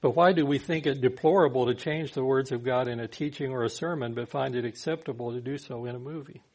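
A man's voice: medium pitch, quick pace, a little mellow. A man preaching a sermon in a conversational way, sometimes acting out the people he quotes. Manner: conversational, acts out quoted speakers.

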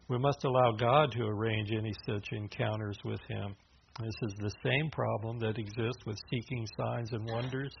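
A man preaching a sermon in a loose, conversational way, with restarts and filler words as he explains scripture. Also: vocal fry. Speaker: pastor. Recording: dull low-fidelity sound with faint hiss.

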